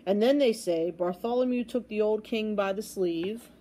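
A woman reading a children's storybook aloud with expressive, dramatic storytelling. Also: mid-range voice, normal speed, slight background noise. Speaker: storybook reader.

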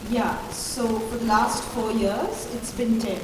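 A woman chatting as a panel guest, rushed and self-mocking. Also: a little high, steady tone. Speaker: panel guest at a product launch. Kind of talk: casual panel chat. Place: large echoey event hall. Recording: echoey hall, far-off mic, background noise.

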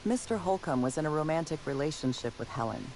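A deadpan formal detective robot. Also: male voice, a little high, fast, a little hiss or hum, poor audio. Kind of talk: video game dialogue.

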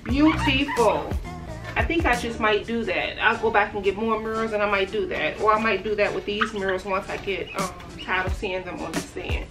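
A woman, chatting excitably to her viewers in a casual vlog and calling them "y'all". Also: medium pitch, normal speed, distant mic, music in the background. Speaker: vlogger. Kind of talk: casual chat. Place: in the car and at home.

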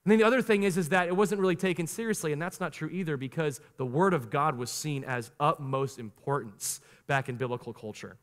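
A man in his thirties preaching a sermon as pastor, animated, slowing down for emphatic lines and rushing through quick asides. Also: on the high side. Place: church sanctuary. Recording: long reverb of a large church hall.

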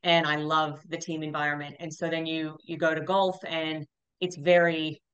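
A young Australian woman with an Australian accent, a golf coach talking as a guest, relaxed and modest. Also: low-pitched, normal speed, smooth, dull audio. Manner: relaxed, modest, laughs easily. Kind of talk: casual interview chat.

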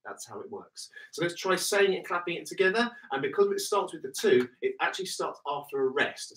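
A man's voice: on the high side, big pitch swings, quick pace, few pauses, distant mic, background noise. A British man teaching body percussion in an online workshop, counting in and chanting rhythms with upbeat energy.

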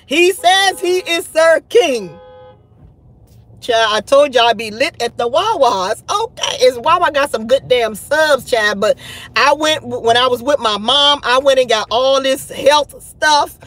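Woman host, high voice, gossipy, animated. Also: measured pace. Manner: animated, gossipy, full of "child" and "honey". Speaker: live-stream host. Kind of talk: casual live-stream chat.

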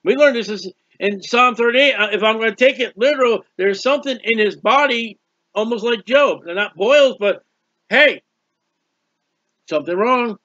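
High bright-voiced male preacher. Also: moderate pace, dry recording, lo-fi sound. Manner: expressive Bible reading with commentary, stretches words. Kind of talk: sermon.

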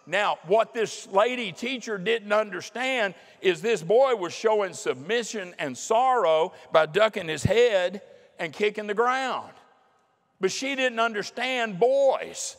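A middle-aged man preaches a sermon, his voice sitting a little high for a man. He talks in a folksy, emphatic way and drags out the words he wants to land. A long reverb trails his voice through a large church hall. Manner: folksy and emphatic, slowing down to hammer key points.

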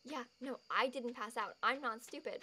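A young woman in her twenties, chatting casually and excitably while streaming a game. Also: a little high, normal speed. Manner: excitable, gasps and laughs often. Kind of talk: casual chat while gaming.

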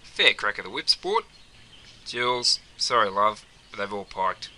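A laid-back Australian surfer bloke, put on by a man, offhand and slangy with a bright, lively voice. His delivery bounces up and down casually. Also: on the low side, a little slow, pitched below the performer's own voice, heavily acted.

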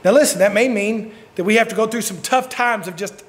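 A man preaching a sermon, telling stories and swinging from shouts to quiet asides. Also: high-pitched, brisk, hardly any pauses. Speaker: pastor. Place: church sanctuary. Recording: long church hall reverb.

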